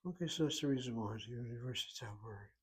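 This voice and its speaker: A man's voice: mid-range voice, fast talker, husky. A man teaching a Hebrew lesson, explaining grammar methodically step by step. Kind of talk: recorded language lesson.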